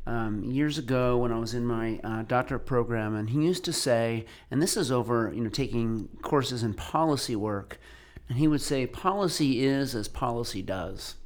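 Male podcast host, measured and reflective, mid-pitched voice. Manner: measured, reflective, thanks the guest at length. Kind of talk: podcast interview.

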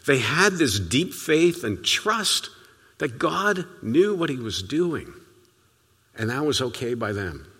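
A man preaching in a loose, storytelling manner, his voice swinging widely up and down with every point. His tone is bright and pushing, and it often sinks to near quiet. The sound rings through the long reverb of a big church hall. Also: mid-range voice, sing-song, slow, slightly rough. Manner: conversational, storytelling preaching with sudden soft drops. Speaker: pastor. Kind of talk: sermon.

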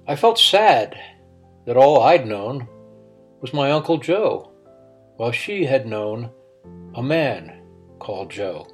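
A middle-aged man reads his own story aloud in a reflective, unhurried voice at a middle pitch. When he quotes himself, he stammers and halts. Soft music plays faintly behind him. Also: husky. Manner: reflective, with a halting, stammering delivery. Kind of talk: reading a personal story.

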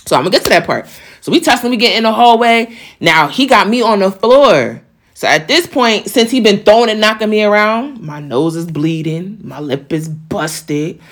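A woman's voice: medium pitch, normal speed. A young woman telling a story in a casual, profane way, acting out the voices of the people in it. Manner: animated, profane, acts out quoted voices.

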